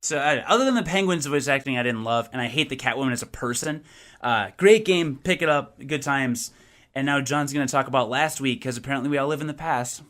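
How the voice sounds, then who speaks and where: A young man co-hosting a casual gaming podcast, talking in an opinionated, animated way with frequent restarts. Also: mid-range voice, fairly quick. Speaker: podcast co-host and game reviewer. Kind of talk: casual chat.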